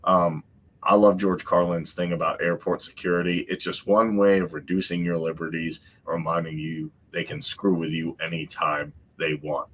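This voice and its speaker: A man's voice: low-pitched, steady tone, normal speed, a bit bright, a little hiss or hum. A man hosting a podcast, giving emphatic opinion commentary that repeats its points, with mocking asides. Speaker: podcast host.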